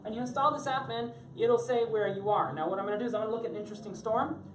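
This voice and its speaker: A woman's voice: on the high side, rapid-fire, echoey room, slight background noise, poor audio. A woman from Florida giving a chatty, joking live tech talk to an audience in a room on a cruise ship. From Florida, USA. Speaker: tech presenter.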